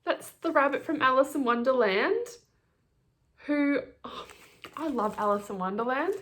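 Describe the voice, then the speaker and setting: A woman's voice: high voice, lively intonation, a bit bright. Gushing woman unboxing yarn. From Australia. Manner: gushing, fast-talking, giddy. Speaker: knitting podcast host. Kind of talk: casual chat, yarn unboxing.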